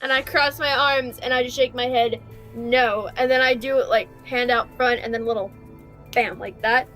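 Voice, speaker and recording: A young woman playing a tabletop game, animated and swearing, laughing often. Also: sits high, normal speed, faint music behind, poor audio. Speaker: player. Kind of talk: tabletop role-play.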